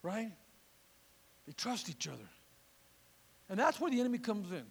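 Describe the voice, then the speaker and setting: High-voiced pastor guy preaching hard, gravelly and bright, big echoey church. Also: very animated, moderate pace. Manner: fervent preaching, call-and-response. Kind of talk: sermon.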